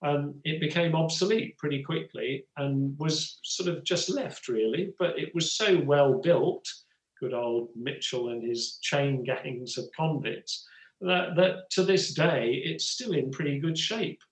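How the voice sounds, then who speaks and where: A man's voice: fairly high pitch, measured pace, roomy sound, rough recording. A man in his sixties from England, an actor and writer telling stories as an interview guest, rambling with many "you know" asides. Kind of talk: relaxed storytelling conversation.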